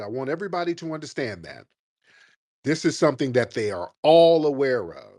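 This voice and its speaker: Guy hosting a call-in show, lively up-and-down voice, dry close mic, hammering his points home. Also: medium pitch, no echo. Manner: forceful, lecturing, slows for emphasis. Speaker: show host. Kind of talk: heated live call-in debate.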